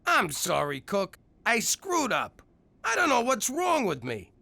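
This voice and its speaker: An actor playing a brash former mob boss with an excitable, gravelly manner. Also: male voice, very high-pitched, unhurried, no echo, full character voice. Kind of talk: adult cartoon voice acting.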